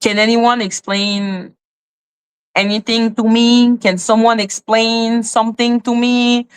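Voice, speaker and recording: A woman's voice: a little high, flat delivery, slow pace, smooth. A woman hosting a commentary channel, ranting in exasperated, profane rhetorical questions, with a slightly non-native accent. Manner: says she speaks with a non-native accent. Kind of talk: ranting commentary on a court case.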